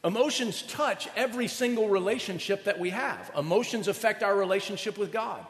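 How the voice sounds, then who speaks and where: A male pastor preaching a chatty, animated sermon, often asking his audience questions. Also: high voice, brisk, big-room sound.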